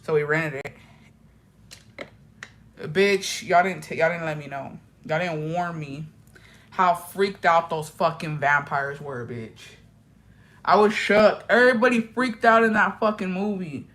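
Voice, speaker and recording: Young woman vlogger, animated, profane storyteller who slips into Spanish. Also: on the low side, unhurried. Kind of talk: get-ready-with-me chat.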